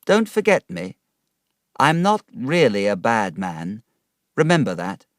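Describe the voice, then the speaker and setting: A man voicing a charming, wistful young gentleman in a storybook reading. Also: medium pitch, huge pitch swings, unhurried, no room sound, studio quality. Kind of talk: audiobook character voice.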